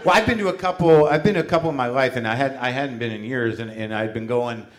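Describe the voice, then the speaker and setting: A man's voice: mid-range voice, fast talker. A man hosting a podcast on stage, rambling through profane, self-deprecating comic stories. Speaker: podcast host. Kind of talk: casual comedic chat. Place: live stage show. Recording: live audience audible. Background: audience.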